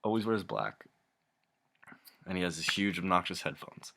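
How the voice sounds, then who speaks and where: A man's voice: low voice, sing-song, moderate pace, gravelly, sharp tone. A young man ranting casually to camera, rambling and exasperated, swearing a lot and often breaking into laughter. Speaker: vlogger.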